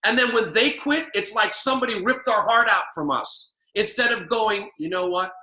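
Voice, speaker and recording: A man's voice: high voice, moderate pace, pushed and bright, reverberant. A man coaching on a call, emphatic and preachy, driving his points home by repeating key lines. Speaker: network marketing coach.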